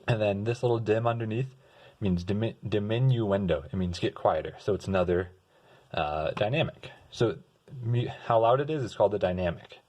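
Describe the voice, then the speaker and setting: Relaxed young male tutor with a somewhat low voice, hums examples while explaining. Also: moderate pace. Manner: relaxed, sings example notes and restarts words. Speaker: music tutor. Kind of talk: casual explanatory lesson.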